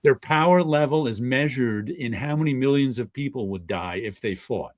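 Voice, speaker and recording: A man's voice: mid-range voice, animated, moderate pace, darkish tone, dry recording, clean studio sound. A man hosting a casual comic book livestream, talking in a rambling way with chuckles and restarts. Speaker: host of a comic book stream.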